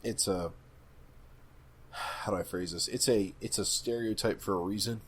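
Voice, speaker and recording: A man's voice: on the low side, moderate pace, a bit bright, breathy edge. A man co-hosting a casual podcast chat, tossing in dry wisecracks and often restarting his sentences. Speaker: podcast co-host.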